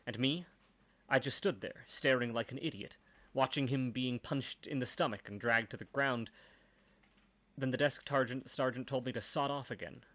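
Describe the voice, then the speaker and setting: A man's voice: mid-range voice, moderate pace, a bit bright. A man reading a first-person story aloud, with dry, wry asides.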